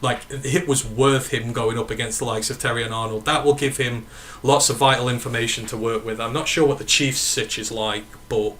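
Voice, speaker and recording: A man with a northern English accent chats casually on a sports stream, answering viewers' questions and correcting himself as he goes. His voice sits mid-pitch and sounds bright and forward. He rambles a little but keeps talking. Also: fairly even intonation, normal speed, hardly any pauses, a little hiss or hum. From northern England. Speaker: podcast host. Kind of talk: casual sports chat reading live comments.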